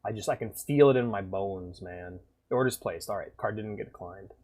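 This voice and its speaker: A man streaming and reacting to videos in loose, profane casual chat, swinging between loud outbursts and mutters. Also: fairly low pitch, moderate pace. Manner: loose and profane, bursts of laughter.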